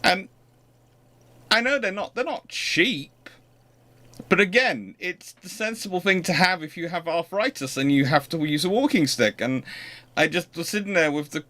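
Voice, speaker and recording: A man's voice: a little high, normal speed, bright, forceful tone. A man hosting a livestream, chatting casually and rambling with frequent restarts. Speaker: host.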